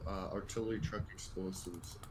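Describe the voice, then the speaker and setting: A man's voice: low voice, fairly even intonation, normal speed, darkish tone. A man chatting casually with a friend while they play a game, rambling and swearing as he talks. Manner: rambling, swearing, hesitant restarts. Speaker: friend and co-player. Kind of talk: casual gaming chat.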